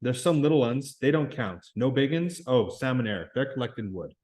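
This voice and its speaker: A man reading aloud and voicing a shrill, anxious boy who pleads and insists in rough everyday grammar. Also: expressive, brisk, darkish tone, natural voice.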